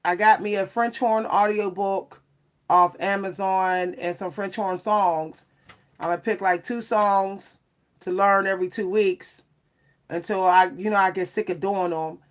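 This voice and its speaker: A woman's voice: medium pitch, steady tone, a little slow. A woman talking casually to her livestream viewers. She is chatty and addresses them with "y'all" again and again. She laughs often as she talks. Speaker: vlogger and French horn player.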